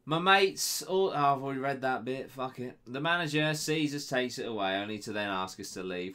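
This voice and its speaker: A man's voice: mid-range voice, animated, brisk, hardly any pauses, bright, forceful tone. A young man hosting a web show, reading a listener's email aloud with sarcastic, swearing asides. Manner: banter-heavy, sarcastic asides to the sender.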